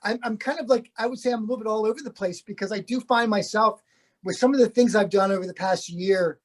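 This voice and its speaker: A man's voice: high voice, fast talker. A middle-aged man talks as an interview guest, an actor. He rambles and restarts his sentences often, keeping a good-humored, easygoing tone throughout. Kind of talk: casual interview chat.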